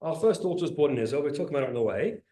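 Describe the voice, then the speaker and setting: A middle-aged man, a rabbi, teaching a Torah class to a group, animated and questioning, often repeating words as he speeds up. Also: on the high side, racing. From England. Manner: animated, asks the audience questions, repeats words when excited. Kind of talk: lively teaching talk to a group. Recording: roomy echo.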